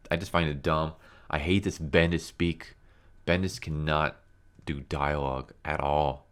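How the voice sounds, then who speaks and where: A man with a very low voice delivers a casual comic book review as a rant. He sounds blunt and exasperated and keeps leaning on fillers like "like" and "you know.". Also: fairly bright tone.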